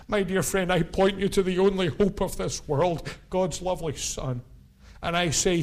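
A middle-aged man delivers an evangelistic sermon with fervent, repeating phrases. His voice sits a little higher than most men's, and he stacks line upon line in a driving preacher's rhythm. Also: fairly even intonation, moderate pace. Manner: impassioned, repetitive preaching cadence.

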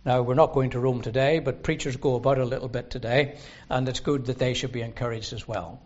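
A man preaches in a gospel hall, earnest and emphatic. He leans on the scripture he quotes, slowing each phrase to give it weight. The recording is muffled and low in fidelity. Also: fairly even intonation, a little mellow. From Northern Ireland. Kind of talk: sermon. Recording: dull lo-fi sermon recording.

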